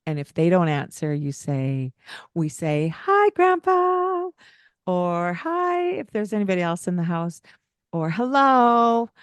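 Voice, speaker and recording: A woman co-hosting a parenting podcast in a casual chat, animated and breaking into singsong greetings as she acts out talking to children. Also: lowish voice, normal speed, smooth, dry recording. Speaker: podcast co-host.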